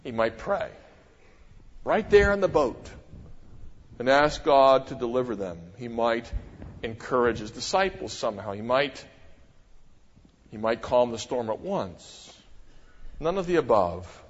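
A middle-aged man preaching a sermon as a pastor, talking in an animated way with many rhetorical questions and sudden emphasis. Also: medium pitch, measured pace, pauses often. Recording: dull, echoey church hall.

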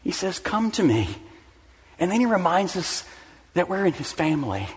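Male pastor, middle-aged, high voice, sermon, soft asides then rising emphatic lines, long church-hall reverb. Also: very animated, a little fast, breathy edge. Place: church sanctuary.

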